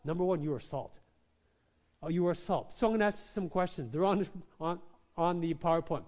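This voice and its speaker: A male pastor preaching a sermon, who swings between quiet questions and loud, emphatic lines and keeps calling out "Amen?". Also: sits high, expressive, brisk. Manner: repeats lines, calls out "Amen?" to the congregation.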